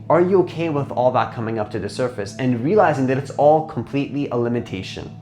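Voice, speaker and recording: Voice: medium pitch, expressive, fast, few pauses, a little mellow, faint music behind. A transformation coach giving a casual motivational talk, rambling with lots of "like", restarts and rhetorical questions to the listener.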